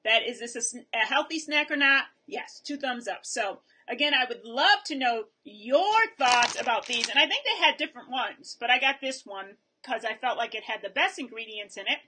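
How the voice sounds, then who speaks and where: A woman's voice: a little high, expressive, normal speed, hardly any pauses, pushed and bright, husky. A woman hosting a casual video review of a snack, chatting while she tastes and chews on camera. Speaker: vlog host reviewing snacks.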